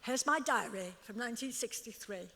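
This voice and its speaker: Older Liverpool woman, on-stage guest, lively storyteller, slightly high voice, long hall echo. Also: moderate pace, creaky. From Liverpool, England. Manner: chatty, laughs often, acts out quotes. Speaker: interview guest. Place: club stage before an audience.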